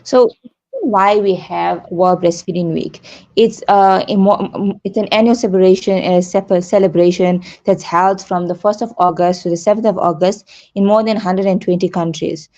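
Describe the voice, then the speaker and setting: A woman's voice: on the low side, fairly even intonation, moderate pace, warm tone, dull audio. A middle-aged woman, a breastfeeding support leader, explains things earnestly in a radio interview using simple examples.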